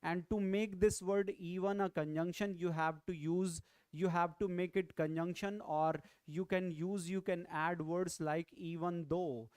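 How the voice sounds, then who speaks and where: A man's voice: high voice, fairly even intonation, measured pace, few pauses, darkish tone, clean tone, dry recording. A young man with an Indian English accent teaching grammar in an online exam-prep lecture, repeating points and urging viewers to comment. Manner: repetitive, coaxing viewers to comment.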